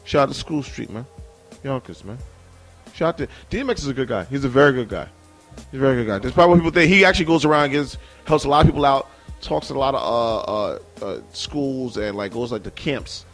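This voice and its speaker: A man's voice: mid-range voice, brisk, fairly bright tone, soft background music. A man, co-hosting a casual radio chat and hammering his points home by repeating them. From the Bronx, New York. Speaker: radio show co-host.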